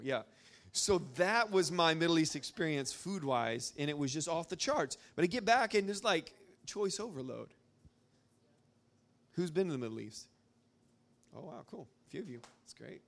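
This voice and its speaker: At a church gathering, a young Arkansas man tells a rambling, filler-heavy story to a live crowd in an informal way. His voice is on the high side, with lively intonation and a moderate pace.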